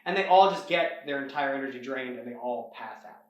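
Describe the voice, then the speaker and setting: Fairly quick and medium in pitch, a man hosting the show rambles through a story's plot, animatedly performing the characters' quotes. The recording sounds distant, in an echoey room.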